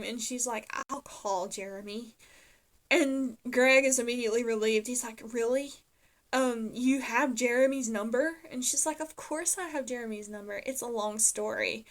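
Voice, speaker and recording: A woman's voice: a little high, fairly bright tone. A woman casually recapping a TV episode, retelling scenes and quoting the characters with frequent fillers and self-corrections. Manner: chatty retelling, quoting characters with lots of "and she's like". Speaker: TV episode reviewer.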